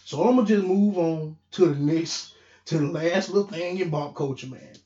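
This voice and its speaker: Young guy podcast host ranting, AAVE, loud and heated, a bit higher voice, echoey lo-fi room. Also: moderate pace. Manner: animated, profane, rising to near shouts when heated. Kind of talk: casual solo podcast rant.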